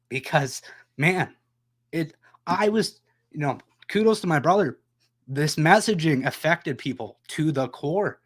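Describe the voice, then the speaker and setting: A man's voice: on the high side, animated, measured pace, long pauses. A man hosting a political discussion, talking with passion and raw emotion, hammering his points home. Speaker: podcast host.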